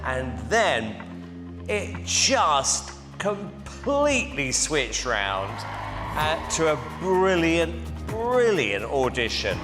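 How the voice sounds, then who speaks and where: Slow, emphatic male talent show judge. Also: on the high side, wildly swooping pitch. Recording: echoey theatre with loud music.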